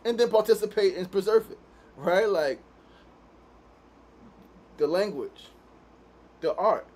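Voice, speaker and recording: A man's voice: high voice, lively intonation, takes it slowly, darkish tone. A man from Queens, hosting a casual daily show in a studio. He talks in a laid-back way, swears freely and keeps tagging his sentences with "right?". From Queens, New York. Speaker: podcast host.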